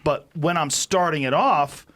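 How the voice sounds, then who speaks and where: A man's voice: on the high side, measured pace, fairly bright tone. A man chatting casually on a podcast, reacting and explaining in a chatty way. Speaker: stand-up comedian on a podcast.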